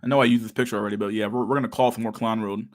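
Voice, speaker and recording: A man's voice: lowish voice, steady tone, very fast. Guy ranting on his podcast, swears nonstop, says dude a lot, laughs a lot. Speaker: podcast host. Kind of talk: casual ranting chat.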